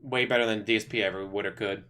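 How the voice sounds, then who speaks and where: A man's voice: fairly low pitch, steady tone, fast, bright, forceful tone, smooth. A man streaming casual reaction commentary, mocking and laughing as he tells stories and swears freely.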